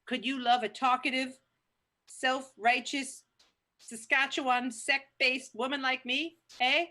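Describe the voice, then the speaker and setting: A woman's voice: high-pitched, fairly even intonation, slow, pushed and bright, heavily acted. A woman playing a talkative, self-righteous Canadian woman in an improv scene, rambling on and tagging lines with "eh". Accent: Canadian put-on. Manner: rambling, indignant, ends lines with "eh". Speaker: improv performer.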